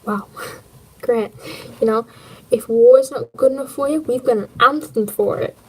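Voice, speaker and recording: A woman's voice: fairly high pitch, moderate pace, darkish tone, slightly rough, low-quality recording. A woman reading a history book aloud on a livestream, adding wry jokes and puns. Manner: jokey, punning, wry asides.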